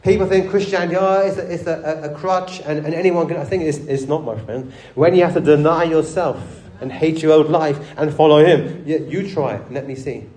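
A man's voice: on the high side, fairly quick, hardly any pauses, warm tone, echoey room. A man preaching a sermon, conversational, often asking the church rhetorical questions and repeating words as he restarts. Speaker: pastor.

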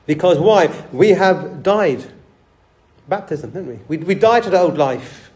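This man, a pastor, delivers a conversational sermon a little slowly, his voice on the high side with a darkish tone. He keeps asking the church rhetorical questions and repeats words as he restarts. The sound is roomy.

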